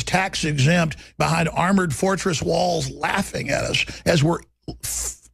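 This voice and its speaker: A man's voice: a little high, gravelly, slightly rough. A man with a Texas accent, hosting a radio talk show and ranting through a combative, sarcastic, rambling monologue.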